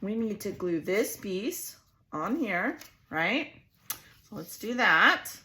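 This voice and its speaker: Hoarse, chatty woman crafter. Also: medium pitch, big pitch swings, slow, sharp tone. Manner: chatty, laughs often, talks to viewers as "you guys". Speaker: crafting channel host. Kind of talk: casual craft tutorial.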